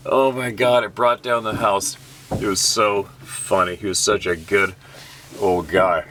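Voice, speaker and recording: A man's voice: lowish voice, brisk, bright, forceful tone. A man who hosts a hunting channel, telling stories in a casual, joking way and laughing often, tired and sunburnt. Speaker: host, hunting guide. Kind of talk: casual storytelling to camera. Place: in his boat on the water.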